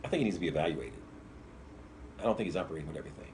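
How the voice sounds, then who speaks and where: A man's voice: extremely low pitch, lively intonation, very fast, noisy background. A man co-hosting a political talk show, blunt and critical in his opinions. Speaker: co-host.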